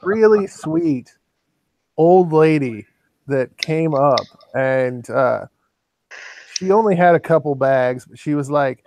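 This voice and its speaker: A man from Iowa talks in a loose, rambling way, telling stories to friends over a voice call. His voice sits a little high and has a gravelly fry to it. The sound is close and dry with no room around it. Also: a little slow, darkish tone, no echo. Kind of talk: casual storytelling chat.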